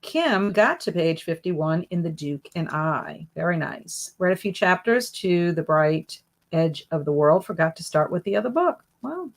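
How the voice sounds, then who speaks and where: A woman's voice: lowish voice, lively intonation, measured pace, gravelly. A woman hosting a casual reading livestream, reading out viewer comments and greeting each person by name in a friendly way. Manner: friendly, jumps up bright on greetings. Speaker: booktube livestream host.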